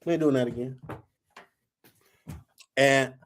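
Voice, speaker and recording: A man's voice: medium pitch, steady tone, slow, a little hiss or hum. A man in his forties, the host, telling a story casually and profanely, acting out quotes in a raised voice.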